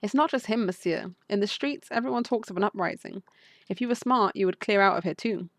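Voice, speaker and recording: A woman's voice: mid-range voice, brisk, no echo, clean studio sound, close to an everyday voice. A woman reading the lines of a cautious young female bird from a game, with brief, concerned warnings.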